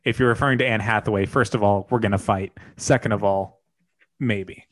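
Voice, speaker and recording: A man's voice: on the low side, steady tone, brisk, no room sound. A man co-hosting a casual comedy advice podcast, easygoing and agreeable, with playful teasing. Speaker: podcast co-host.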